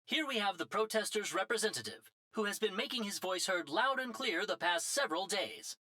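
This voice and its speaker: An actor voicing a television news reporter with a measured broadcast delivery. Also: mid-range voice, animated, sharp tone. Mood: neutral.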